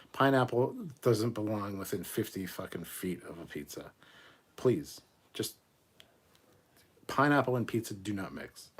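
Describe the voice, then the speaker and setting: A man in his thirties from Canada hosts a relaxed live hangout and reads viewer messages aloud. His voice sits low and a little husky. He reacts off the cuff, laughing and swearing as he goes. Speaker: livestream host reading chat. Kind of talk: casual live chat.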